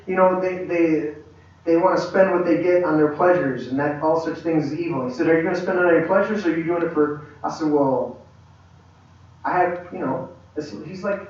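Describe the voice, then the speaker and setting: A man teaching a church leadership class, an animated storyteller who acts out quoted dialogue and restarts his sentences often. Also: fairly high pitch, fairly quick. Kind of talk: conversational sermon-style teaching. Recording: echoey hall, distant mic, dull lo-fi.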